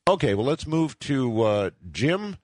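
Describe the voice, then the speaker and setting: A man's voice: mid-range voice, very animated, a little slow, no echo, studio quality. A man hosting a national call-in radio show, speaking reflectively and leaning hard on key words. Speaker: radio talk show host.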